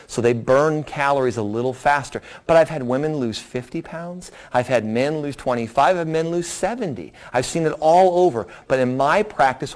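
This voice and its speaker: A middle-aged doctor with a slightly high voice presents a weight loss program to a seminar audience and answers their questions. He's lively and folksy, acting out quotes as he goes.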